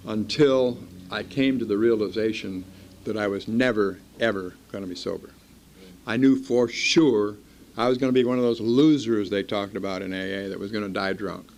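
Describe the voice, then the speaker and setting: An older man with a low, gravelly voice tells his story plainly to a meeting. He is blunt and dryly funny and pokes fun at himself. He grew up in Iowa. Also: a little hiss or hum. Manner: blunt, wry, self-mocking. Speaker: speaker at a recovery meeting. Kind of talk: personal storytelling talk.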